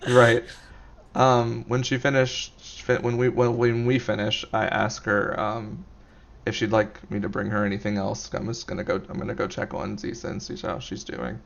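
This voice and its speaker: Gravelly-voiced man playing at a game table. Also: on the low side, flat delivery, moderate pace, muffled recording. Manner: hesitant, full of fillers. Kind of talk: casual tabletop role-play chat.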